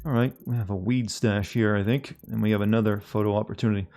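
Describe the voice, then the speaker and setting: An American man streaming a game, chatting in a relaxed way and swearing casually. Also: on the low side, quick pace, slight background noise. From United States. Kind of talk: casual gameplay commentary.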